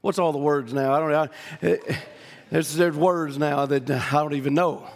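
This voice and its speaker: A middle-aged man from Louisiana with a Southern accent, preaching a sermon in a folksy storytelling way with many restarts, rising to shouted climaxes. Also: fairly high pitch, fairly even intonation, moderate pace, in a large hall.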